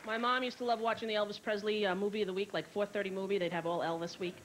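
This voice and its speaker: On a theater stage before a live audience, a woman performs stand-up, talking very fast at medium pitch with a steady tone. She tells brash stories and does voices for her characters, in a 1990s televised special with clear room ambience and a noisy background.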